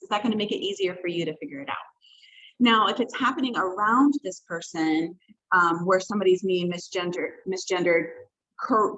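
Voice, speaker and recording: A woman's voice: mid-range voice, a bit bright. A woman runs a training session over a video call, speaking conversationally and putting weight on key points. Her voice sits in an average range, and the sound is dull and lo-fi, typical of call audio. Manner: conversational and emphatic, with self-corrections. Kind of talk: workshop presentation on a video call.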